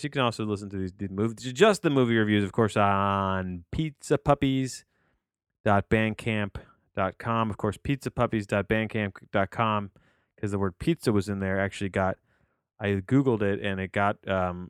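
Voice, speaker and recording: Close to the mic, a man with a fairly low, clear, resonant voice hosts a solo podcast reviewing a movie. He rambles and digresses, often restarts sentences, and swears casually; the sound is studio quality with no echo.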